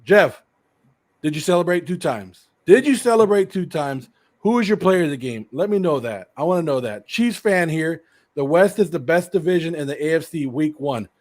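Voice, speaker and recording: A middle-aged American man hosting a casual livestream, rambling excitedly and sounding a bit sick and hoarse. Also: a little high. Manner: excited, rambling, laughs often. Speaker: host.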